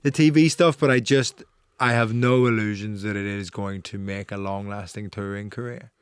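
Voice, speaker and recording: A male comedian chatting as a guest, relaxed and self-deprecating, with casual swearing. His voice is low and smooth, recorded close and dry. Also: moderate pace, no echo. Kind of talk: casual chat.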